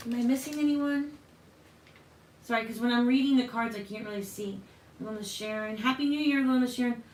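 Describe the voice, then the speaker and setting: A woman's voice: a little high, fairly quick, darkish tone, a little hiss or hum. A woman hosting a live tarot reading, chatting casually with viewers and calling them honey. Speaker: tarot reader and livestream host.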